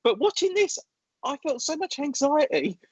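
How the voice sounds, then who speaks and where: A man's voice: very high-pitched, sing-song, moderate pace, darkish tone, dry recording. A man on a podcast, telling a story dramatically with lots of fillers. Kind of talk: casual chat. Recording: dull lo-fi sound.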